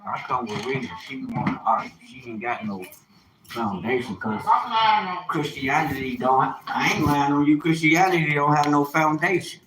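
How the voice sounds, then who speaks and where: A man chatting on a live stream in an animated, preachy, joking way, laughing often. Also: on the high side, normal speed, background noise. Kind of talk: casual live-stream chat.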